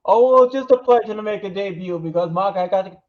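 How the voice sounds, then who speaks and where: A man's voice: sits high, quick pace, phone-quality sound. A man with a Rhode Island accent calling in, speaking in jolly, sing-song rhymes. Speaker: show regular, caller. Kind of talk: casual chat with rhyming lines. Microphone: phone call.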